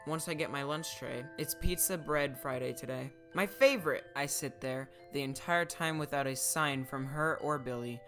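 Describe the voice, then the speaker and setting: A man narrating a short story in a steady read-aloud manner, his voice mid-pitched. Soft music plays faintly in the background. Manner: steady reading-aloud delivery. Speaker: author reading his story.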